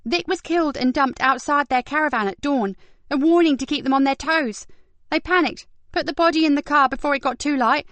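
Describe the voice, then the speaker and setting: A woman reading an audiobook and voicing an earnest young female detective in a brisk, animated way. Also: sits high, dry recording, pitched above the performer's own voice.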